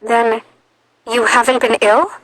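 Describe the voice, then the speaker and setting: A woman's voice: on the high side, little pitch movement, slow, pitched above the performer's own voice, poor audio. A woman doing a sweet, anxious young society girl. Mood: worried, soothing.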